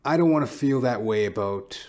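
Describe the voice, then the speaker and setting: A man's voice: medium pitch, animated, fairly quick, a little mellow. A man hosting a solo podcast who talks in a rambling, profane and reflective way. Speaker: podcast host. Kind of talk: casual solo podcast monologue.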